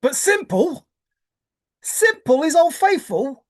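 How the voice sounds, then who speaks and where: A woman pours out a solo monologue with big theatrical swings, her voice leaping up and down in pitch. She drags her words out slowly and makes every point with exaggerated exclaiming and mock despair. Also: big pitch swings. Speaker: treasure hunt video maker.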